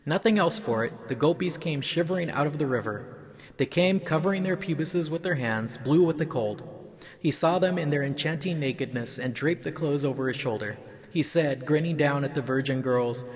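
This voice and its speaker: A man's voice: on the high side, moderate pace. Man reading a myth with crowd murmur. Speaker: storyteller. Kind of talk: reading a mythological story aloud.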